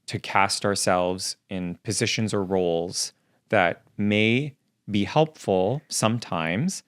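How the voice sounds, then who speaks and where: A man's voice: low voice, gravelly, smooth, no room sound, clean studio sound. A young man co-hosting a casual podcast, teasing his partner and leading into segments. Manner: teasing and goofy. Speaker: podcast co-host.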